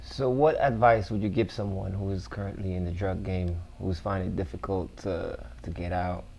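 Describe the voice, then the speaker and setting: A man hosting an interview, asking a question softly with some hesitation, recorded a little away from the mic. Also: low voice, fairly even intonation, normal speed, gravelly. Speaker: interview host.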